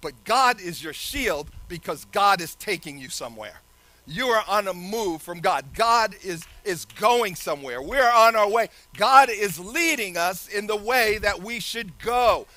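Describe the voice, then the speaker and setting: A man preaching a lively sermon, laughing often and shouting some phrases. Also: sits high, measured pace.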